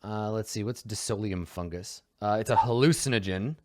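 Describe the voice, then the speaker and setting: A man's voice: fairly low pitch, normal speed, a little mellow, no echo, studio quality. A young man, a tabletop game player, chatting casually and rambling to himself as he builds a character, swearing freely.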